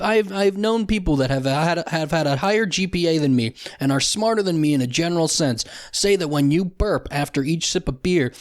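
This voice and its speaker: A man's voice: fairly high pitch, no room sound, clean studio sound. A young man hosting a solo comedy podcast, ranting with profanity and sarcasm and often restarting his sentences. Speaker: podcast host.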